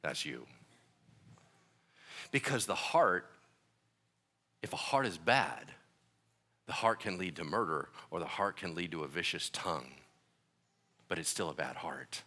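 Animated, bright-voiced man preaching. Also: low voice, a little slow, pauses often. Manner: animated, joking storyteller with voiced asides. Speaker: pastor. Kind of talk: sermon.

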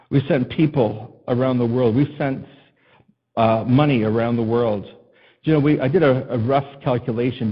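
A male pastor preaching a sermon in an impassioned way that builds to loud, emphatic peaks. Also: medium pitch, breathy edge, lo-fi sound.

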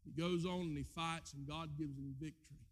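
A male pastor preaching an impassioned sermon in a church, swinging from shouted lines to quiet asides. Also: on the high side, fairly even intonation, normal speed. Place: church with a screen.

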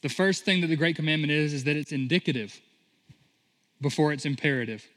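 A man preaching in a church sanctuary, his fairly high voice carrying a long reverb through the room. He tells the story with energy and drops into acted-out voices for the characters. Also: fairly quick. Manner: animated storytelling, acting out voices in quotes. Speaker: pastor. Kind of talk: sermon.

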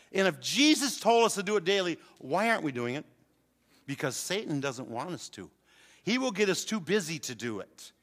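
This older man's voice sits high and a touch bright as he calls out to the congregation in a church hall, his sermon building in fervor. Long hall reverb trails each line.

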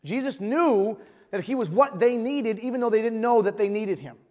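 A pastor with a high voice preaches a sermon, speaking emphatically and restarting phrases as he reads scripture. His voice rings out with a long reverb in a church hall. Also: normal speed, a little mellow.

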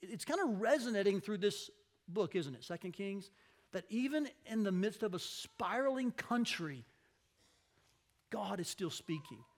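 A man with a high-pitched voice delivers a relaxed, conversational sermon. He retells the scripture expressively and slips into the voices of its characters as he goes. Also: measured pace. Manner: expressive, acts out the people in the story. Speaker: preacher.

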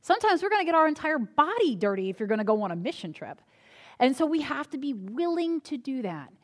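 A woman's voice: sits high, very animated, fast. A woman pastor preaching a sermon in a conversational style, telling humorous personal stories.

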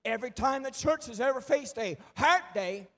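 A man preaching a fervent sermon as a pastor, swinging from quiet asides to loud exclamations. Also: very high voice, normal speed.

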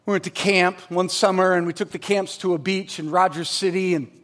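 High-voiced man preaching a lively sermon. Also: brisk. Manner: energetic storytelling, emphatic rising delivery. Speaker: pastor.

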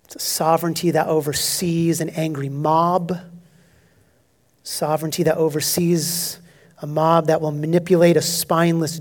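High-voiced man preaching with dramatic swings. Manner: emphatic, dramatic shifts between loud declarations and hushed asides. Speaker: pastor. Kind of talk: expository sermon.

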